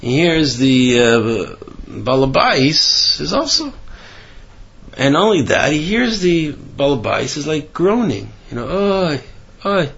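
A man giving a Torah class sermon with animated storytelling, rising in pitch for emphasis. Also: slow, gravelly, husky, muffled recording. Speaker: religious teacher.

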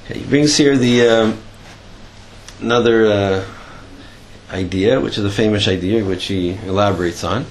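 A man's voice: fairly low pitch, normal speed, pauses often. A man giving a Torah class, telling stories and explaining a point, with many fillers and restarts and a voice that jumps up when he stresses something. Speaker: Torah teacher.

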